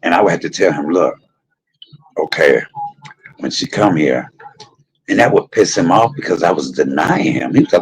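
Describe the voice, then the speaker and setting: A man hosting his own show, telling a personal story in an animated, profane way and talking straight to his listeners. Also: low voice, moderate pace, creaky, pauses often, slightly rough, low-quality recording. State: emotional, tearful at times. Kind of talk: candid storytelling monologue.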